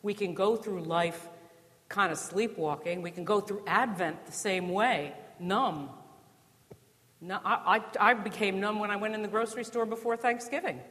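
A woman from New Jersey delivers a sermon in a church, her voice carrying a long hall reverb. She talks to the congregation conversationally, posing rhetorical questions and slipping in dry humor. Her pitch sits in a middle range for a woman. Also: moderate pace, a bit bright. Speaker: preacher.

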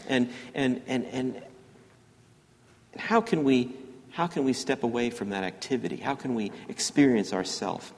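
Man giving a halting homily in a hall. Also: mid-range voice, darkish tone. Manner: halting, repeats words, reads quote slowly. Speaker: priest.

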